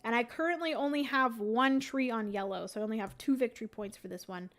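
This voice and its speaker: A young woman livestreams herself playing a solo board game, thinking out loud and chatting casually with viewers. Her voice is fairly high and a bit bright, and she speaks quickly.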